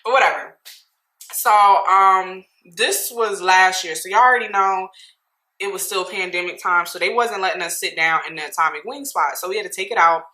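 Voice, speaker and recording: A young woman from New Jersey telling a casual storytime, chatty and animated, laughing often and talking to viewers directly. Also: lowish voice, roomy sound, rough recording. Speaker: vlogger.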